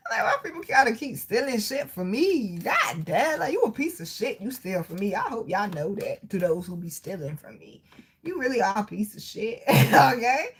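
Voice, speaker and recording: A woman hosting a casual livestream, talking straight to her viewers in a loud, profane, animated way with frequent laughter. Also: medium pitch, moderate pace, breathy edge. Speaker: livestream host reading chat.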